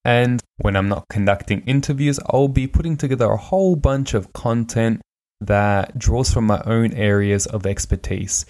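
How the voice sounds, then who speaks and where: A man's voice: mid-range voice, normal speed, darkish tone. A man hosting his own podcast in a casual, candid monologue with frequent fillers. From Australia. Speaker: podcast host.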